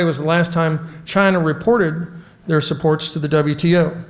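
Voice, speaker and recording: A middle-aged man from the United States giving a prepared policy speech as a trade negotiator, measured and emphatic, reading from notes with small slips. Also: on the high side.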